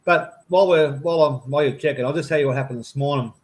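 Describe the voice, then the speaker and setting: A man's voice: on the high side, racing. A man with an Australian accent, rambling through a story in casual chat over a call, saying "mate" a lot. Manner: rambling, blokey, says "mate" often. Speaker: campaign volunteer.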